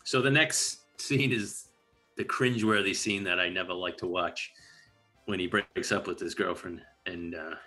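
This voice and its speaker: A man's voice: low-pitched, moderate pace, sharp tone, faint music behind. A man hosting a casual movie podcast, rambling through scenes and acting out lines. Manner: rambling recap, acts out lines. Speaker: podcast host.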